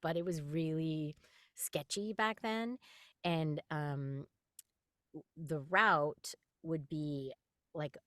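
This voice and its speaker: A middle-aged woman from New York, a voice actress guest chatting in an interview, animated and quick to laugh while acting out quotes. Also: low voice, no echo. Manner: animated storyteller, laughs often, acts out quotes. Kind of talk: casual interview chat.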